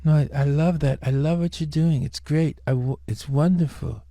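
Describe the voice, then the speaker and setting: A man doing an impression of a soft-spoken, gentle male pop star, in a breathy, hushed voice. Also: fairly high pitch, steady tone, moderate pace, natural voice. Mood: gentle praise.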